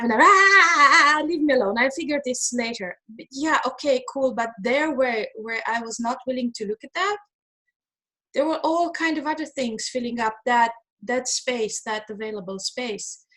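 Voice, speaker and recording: A woman hosting a conversational video call, animated and self-deprecating, often quoting others. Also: a little high. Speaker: host.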